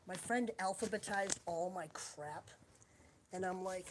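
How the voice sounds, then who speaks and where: A woman talks loosely on a home live stream, drifting from one thought to the next as she hunts around her room. Her voice sits at a middle pitch and comes through a phone mic with a faint hiss behind it. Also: a little slow. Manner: chatty, wandering, searches while talking. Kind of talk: rambling casual live stream chat. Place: at home, indoors.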